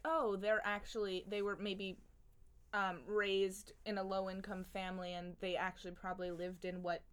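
A woman's voice: on the low side, smooth. A young woman co-hosting a casual podcast chat, chatty and laughing often, turning earnest when she explains something. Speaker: podcast co-host.

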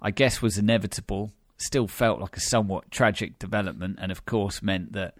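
Speaking a little fast in a lowish voice, this British podcast host keeps the chat wry and casual, full of fillers and restarts. The sound is clean studio audio without echo.

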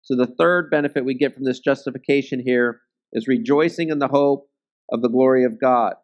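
A man's voice: mid-range voice, a little fast, lo-fi sound. A man teaching a Bible study in a conversational way, often checking in with "okay?" and "right?" and joking at his own expense. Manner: self-deprecating humor.

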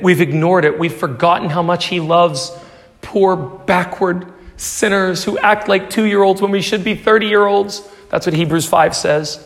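A man preaches in a high, lifted voice. He presses hard on some lines and drops to a near hush on others. The sound trails off in the long reverb of a large hall. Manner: earnest preaching, swings from loud pleas to hushed prayer. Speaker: pastor. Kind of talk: sermon.

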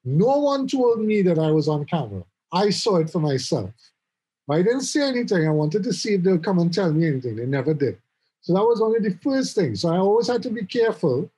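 A middle-aged man chatting casually about his office jobs, telling animated stories and often repeating words as he goes. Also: sits high, a little fast, slightly rough, rough recording. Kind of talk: casual conversation.

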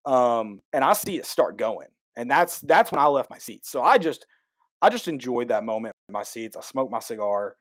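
A man tells a long story in casual chat. He rambles, backtracks and corrects himself, his voice sitting at an ordinary middle pitch. The mic is close and dry, with no room sound. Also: normal speed, dry recording. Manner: excitable, rambling, self-correcting. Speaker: podcast co-host.

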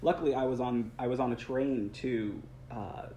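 A man's voice: mid-range voice, normal speed, dark tone. A young man who works as a stage actor, chatting earnestly in an interview, rambling a little with restarts and small laughs. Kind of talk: casual interview chat. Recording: roomy sound with faint background noise.

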